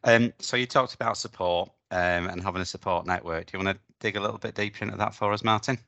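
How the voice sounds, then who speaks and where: Deep-voiced middle-aged host, bright edge to his voice, dry close sound. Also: steady tone, quick pace, dry recording. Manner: easygoing, chatty storyteller. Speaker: podcast host. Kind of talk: conversational interview.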